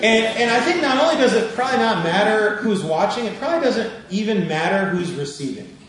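A man's voice: sits high, expressive, a little fast, a crowd in the background. A male minister giving a sermon as a conversational storyteller who laughs as he tells a personal story. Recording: echoey room from a distance.

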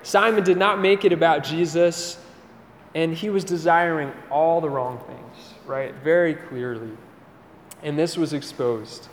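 High-voiced young man preaching in echoey hall. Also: unhurried, slight background noise. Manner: conversational, keeps asking "right?", animated storytelling. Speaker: campus ministry speaker. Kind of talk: sermon talk with personal story.

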